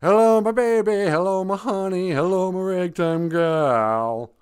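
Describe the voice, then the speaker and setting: A woman's voice: lowish voice, a little slow, darkish tone, clean tone. A woman co-hosting a live stream, talking in a playful, mock-flustered way.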